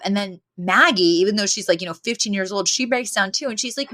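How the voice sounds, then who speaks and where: A woman's voice: mid-range voice, fast talker, few pauses, sharp tone. Young woman on a podcast, chatty, laughs a lot, retells scenes. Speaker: podcast co-host. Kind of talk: casual chat recapping a sitcom episode.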